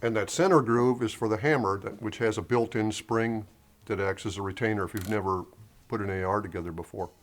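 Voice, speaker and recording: A man's voice: on the low side, fairly quick. A man co-hosting a casual gunsmithing how-to, adding dry, wry asides and explanations. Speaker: gunsmithing co-host. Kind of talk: casual instructional banter.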